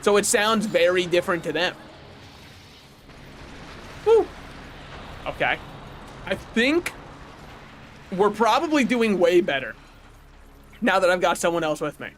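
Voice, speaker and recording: A young American man chatting casually while streaming a game, rambling and correcting himself with sudden excited outbursts. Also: high voice, a little slow, pauses often, a little hiss or hum. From United States. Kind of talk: casual gaming livestream chat.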